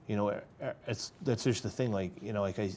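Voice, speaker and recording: Man, farmer, interview guest, halting, deepish voice. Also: steady tone, darkish tone, a little hiss or hum. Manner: earnest, halting, many restarts. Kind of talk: casual interview talk.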